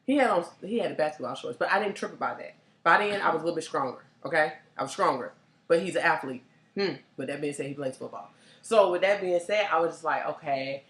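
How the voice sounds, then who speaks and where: A woman hosting a casual chat, telling stories in an animated, laughing way. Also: sits low, fast. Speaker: STD life coach, host. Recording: echoey room.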